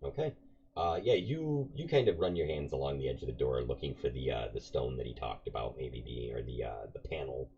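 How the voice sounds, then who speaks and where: Super deep gravelly guy running a tabletop game, rambles a lot, dull lo-fi mic. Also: expressive, brisk, warm tone. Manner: rambling, many fillers and restarts. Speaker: game master. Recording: dull lo-fi recording with faint noise.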